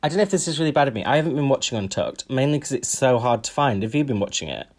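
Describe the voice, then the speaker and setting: A man's voice: medium pitch, very animated, racing. A man co-hosting a podcast in casual chat, wry and chatty with frequent ums. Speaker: podcast co-host.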